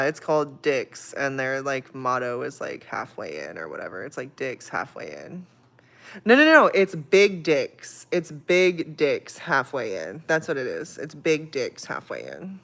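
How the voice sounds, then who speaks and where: A woman talks loosely to her livestream viewers, her speech full of swearing and frequent laughter. She moves through a personal story with plain emotion, sometimes soft and heavy, sometimes laughing. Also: low voice. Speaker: livestream host. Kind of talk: casual livestream chat.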